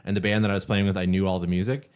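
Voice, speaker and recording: A man co-hosting a podcast, telling stories in casual chat and acting out quotes with loud outbursts and laughter. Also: low voice, little pitch movement, racing, smooth. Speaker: podcast co-host.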